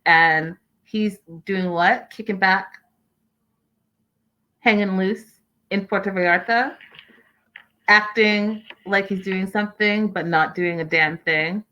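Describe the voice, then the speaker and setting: A woman hosting a casual recap show, reading out viewer comments and giving her own blunt, animated opinions straight to viewers. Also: medium pitch, rough recording. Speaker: host.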